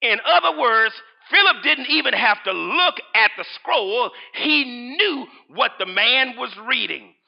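High gravelly preaching man, lo-fi. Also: lively intonation, measured pace, hardly any pauses. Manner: preaching with shouted repetitions and scripture reading. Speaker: pastor. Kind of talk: sermon.

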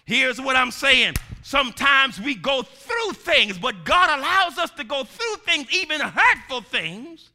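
A male preacher delivering a sermon, emphatic and repetitive, swinging from shouted lines down to low, quiet ones. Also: big pitch swings, measured pace, hardly any pauses. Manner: emphatic, rising to shouts then dropping low; repeats lines for the congregation to say.

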